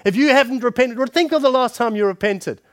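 A man preaching a sermon, calling his listeners friends and shifting between forceful punches and hushed scripture reading. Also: very high-pitched, fast, dry recording, clean studio sound. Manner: emphatic, addresses the congregation directly as friends.

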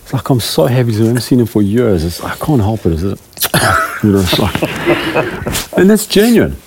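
A man's voice: on the low side, big pitch swings, moderate pace, very noisy. A middle-aged man, a preaching elder, giving a rambling, self-deprecating talk to a small group of church leaders. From South Africa.

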